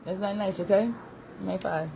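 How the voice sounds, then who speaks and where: A woman's voice: mid-range voice, steady tone, moderate pace, creaky, background noise. A woman chatting casually and rambling on a live stream at home, talking to her viewers and to a small child.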